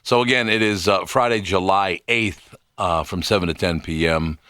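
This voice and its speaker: A man hosts a morning radio interview in a very low voice. He talks in a loose, conversational way, often restarting his sentences. The mic sound is dry and close. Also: moderate pace, bright, forceful tone, smooth, dry recording. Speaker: radio show host.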